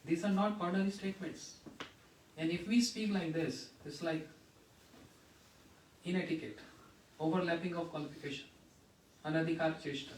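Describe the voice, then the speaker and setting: Man, slightly high voice, devotional storyteller; echoey hall, off-mic, faint ambience. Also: steady tone, moderate pace, long pauses, a little hiss or hum. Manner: earnest storytelling, quotes his teacher, drops to a hushed voice. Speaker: speaker at a memorial gathering. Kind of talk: devotional talk with remembrance stories. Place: temple hall. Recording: echoey room, voice from far off the mic.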